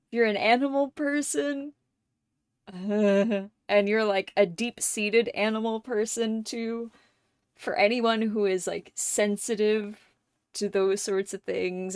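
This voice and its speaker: Woman streamer, candid and emotional, plenty of swearing, relaxed slow delivery. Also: medium pitch, no echo, clean studio sound. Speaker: livestream gamer. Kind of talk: casual chat while streaming a game.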